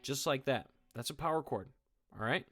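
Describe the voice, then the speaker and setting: A male music teacher with a medium-pitched voice speaks at a moderate pace while giving his students a guitar lesson indoors. He's encouraging, cheering them on and checking in often with "okay?" and "all right?"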